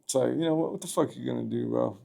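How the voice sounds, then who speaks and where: A man's voice: mid-range voice, fast talker, vocal fry, warm tone. Loose-talking man telling a street story. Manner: profane and loose, heavy on "bro" and "man". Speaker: podcast guest. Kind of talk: casual storytelling.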